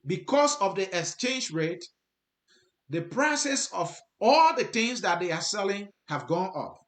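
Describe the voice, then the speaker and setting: A man's voice: high-pitched, very animated, unhurried, fairly bright tone. Earnest Liberian man in an echoey room. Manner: earnest, repeats points for emphasis. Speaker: host. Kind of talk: commentary to viewers. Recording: roomy, echoey sound.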